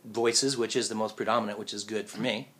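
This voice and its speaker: A man's voice: lowish voice, a little fast. A man, a voice actor, chatting casually in an interview and acting out the voices of people he quotes. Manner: animated storyteller, acts out quoted voices. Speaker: voice actor, guest. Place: living in Japan.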